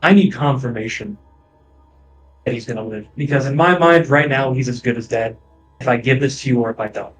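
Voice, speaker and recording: A man's voice: mid-range voice, fairly quick, husky, soft background music, lightly acted, rough recording. A man voicing a big, blunt hooved warrior in a tabletop game, bargaining insistently. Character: brash young half-giant man with hooves.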